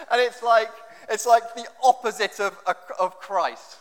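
A man preaching a sermon in a conversational, jokey way, often acting out what people say. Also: very high voice. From England. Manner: conversational, jokey, acts out quotes. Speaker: pastor. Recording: long hall reverb.

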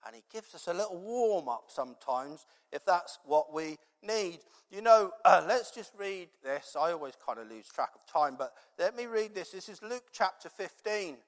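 A man's voice: sits high, lively intonation, normal speed, hardly any pauses. A man preaching a sermon and telling a personal story in a conversational, rambling way, with many fillers. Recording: long reverb in a large hall.

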